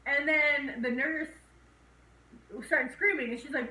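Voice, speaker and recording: A woman's voice: sits high, slow pace, long pauses, pushed and bright. A young woman co-hosting a casual horror movie review, retelling scenes and acting out the characters' lines in raised voices. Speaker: co-host reviewing a horror film. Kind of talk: casual chat recapping a movie. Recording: echoey room, voice a bit far from mic.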